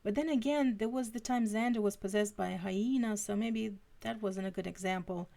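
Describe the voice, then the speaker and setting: A sweet, nervous teenage girl who rambles on in a high, lifted voice, as a woman puts her on. She chatters earnestly and trips along from thought to thought. There is some gravelly fry in the tone. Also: moderate pace, mellow, lightly acted.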